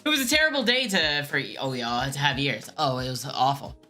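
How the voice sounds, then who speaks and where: Bright-voiced exasperated woman streamer. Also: very deep voice, very animated, a little fast, soft background music. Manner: exasperated, repeats herself, laughs. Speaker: streamer calling scammers. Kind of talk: casual live-stream chat.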